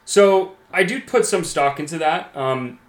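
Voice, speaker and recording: A man's voice: a little high, lively intonation, unhurried, roomy sound. A man co-hosting a casual hockey talk show, agreeable and joking, often chiming in. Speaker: podcast co-host.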